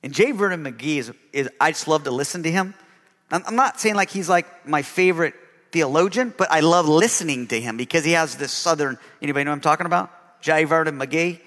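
A man's voice: on the high side, fairly quick, fairly bright tone, big-room sound. A male pastor preaching a sermon with emphasis, often calling out for an amen.

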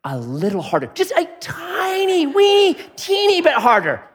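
A woman's voice: wildly swooping pitch, moderate pace, full character voice. A man voicing a fussy female turkey farmer who coos and frets over her birds. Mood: panicky. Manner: shrill, fretting, cooing. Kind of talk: acted quote in a sermon story.

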